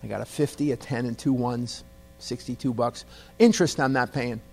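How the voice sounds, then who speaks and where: A man's voice: medium pitch, steady tone, normal speed, gravelly, a little mellow. A man telling a humorous, self-deprecating personal story to a meeting audience. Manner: self-deprecating, wry, conversational. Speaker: speaker at a recovery meeting.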